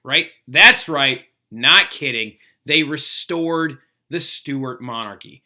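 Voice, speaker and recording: A man teaching history in a casual video lecture, chatty and energetic. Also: mid-range voice, slow pace, music in the background. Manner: energetic, chatty, acts out quotes.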